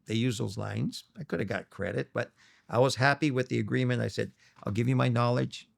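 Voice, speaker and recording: A man's voice: mid-range voice, brisk, vocal fry. A middle-aged man from Los Angeles, telling stories as an interview guest and acting out the voices of people he quotes. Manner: animated storyteller, acts out quoted voices. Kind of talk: storytelling interview.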